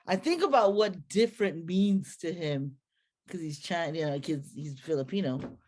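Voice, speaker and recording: A woman telling a personal story to an audience in a lively, slangy, conversational way. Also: on the low side, moderate pace, a little hiss or hum.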